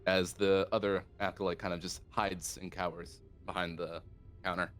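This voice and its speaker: A man's voice: low-pitched, little pitch movement, normal speed, soft background music. A man narrating as dungeon master of a tabletop role-playing game.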